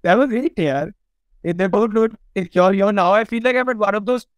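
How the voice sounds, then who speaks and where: Animated, swearing Indian man telling stories. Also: sits high, a little fast, no room sound, poor audio. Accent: Indian English. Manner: animated anecdotes, swears freely, laughs often. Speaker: film director guest. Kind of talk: casual podcast storytelling.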